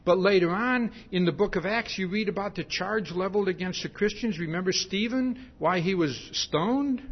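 A man preaching a sermon, slow and emphatic, tagging his points with "see?". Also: high-pitched, husky, highs cut off.

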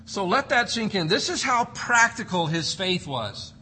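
A man's voice: sits high, big pitch swings, unhurried, bright, forceful tone, breathy edge. A man preaching an expository sermon, emphatic and repeating key words for stress. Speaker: pastor.

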